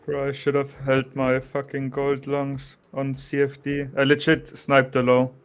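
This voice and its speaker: Casting note: young German-accented man, easygoing chat, frequent restarts, mid-pitched. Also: measured pace, clear, resonant tone, faint music behind. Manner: relaxed, restarts often, says "bro" and "you know". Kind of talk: casual chat.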